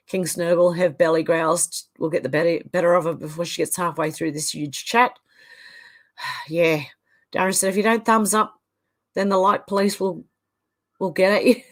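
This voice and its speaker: A middle-aged woman hosting a live stream, reading viewer comments aloud with frequent laughter. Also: lowish voice. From Australia. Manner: reads comments aloud, often laughs and chuckles. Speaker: livestream host reading chat. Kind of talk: casual chat reading out comments.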